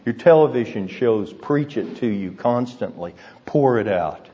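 A man preaching a sermon, telling stories earnestly and deliberately and dropping to hushed, grave tones. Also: medium pitch, expressive, breathy edge. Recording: dull recording in a reverberant hall.

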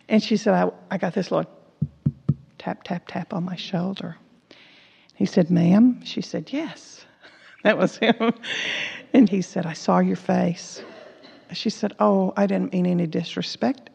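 In a fairly low, creaky voice with a darkish, slightly rough tone, a woman preaches as a Bible teacher. She earnestly tells personal stories, acting out the quoted dialogue, in a dull lo-fi recording made in an echoey hall.

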